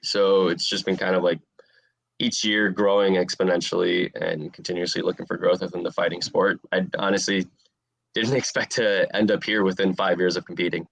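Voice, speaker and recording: A man in his twenties answering interview questions in a relaxed, rambling way with lots of fillers. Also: low-pitched, moderate pace, gravelly, dry recording. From USA. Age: 20s. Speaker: interviewed fighter.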